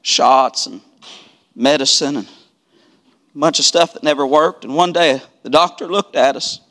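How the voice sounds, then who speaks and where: A preacher delivering a sermon at a church service, moving from quiet storytelling to shouted preaching with repeated refrains. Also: male voice, fairly high pitch, unhurried. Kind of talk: revival sermon.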